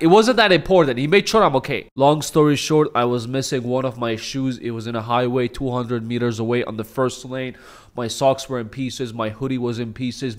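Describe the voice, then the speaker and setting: A young man casually telling a storytime vlog, joking and swearing as he talks. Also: medium pitch. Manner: laid-back, swears, jokes and self-deprecates. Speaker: vlogger.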